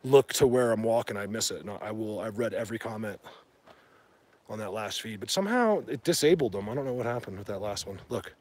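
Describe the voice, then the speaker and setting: A man hosting a casual livestream from outdoors in the rain, talking excitedly to viewers through a handheld phone as he walks. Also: lowish voice, a little fast. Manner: rambling, excitable, addresses viewers. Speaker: livestream host. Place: outdoors in woods during rain.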